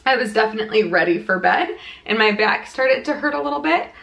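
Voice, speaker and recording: A woman's voice: fairly high pitch, animated, a little fast, creaky, a bit bright. A young woman vlogging casually from home about her pregnancy, chatty and rambling with many restarts, a little out of breath. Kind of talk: casual pregnancy update vlog. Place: home room lit by a ring light.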